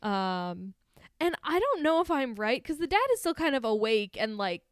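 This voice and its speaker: A woman's voice: fairly high pitch, big pitch swings, normal speed, clean tone, no echo. A young woman co-hosting a podcast, recapping a film in a laid-back, joking way with lots of fillers, on a close mic. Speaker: podcast co-host. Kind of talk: casual chat recapping a film.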